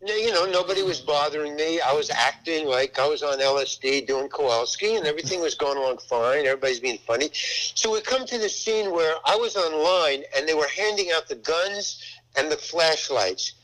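A man's voice: fairly high pitch, fairly quick, rough recording. An older man casually telling a rambling anecdote about a film set, acting out the voices in it. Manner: rambling, animated, acts out voices in his story. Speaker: actor telling a set story.

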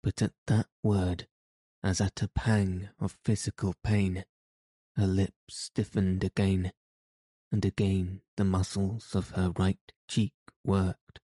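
A man narrating a classic novel as an audiobook in a measured, even reading. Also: deep voice, no room sound.

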